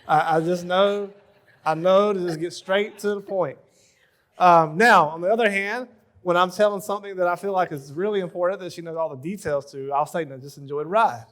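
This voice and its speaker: A man in his thirties giving a relaxed, joking talk at a church marriage conference, full of everyday stories. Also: high voice, moderate pace. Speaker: pastor leading a marriage session.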